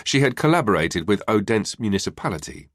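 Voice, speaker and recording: A man narrating a crime novel audiobook in a measured, expressive reading style, recorded close to the mic. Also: on the low side, no echo. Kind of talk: scripted narration.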